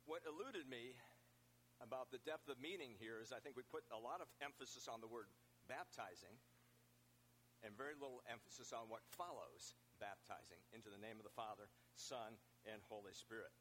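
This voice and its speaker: A male pastor gives a conversational sermon. He talks it through plainly and often restarts his phrases. A low hum sits faintly behind him. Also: moderate pace, a bit bright, rough recording. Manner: conversational preaching with frequent restarts.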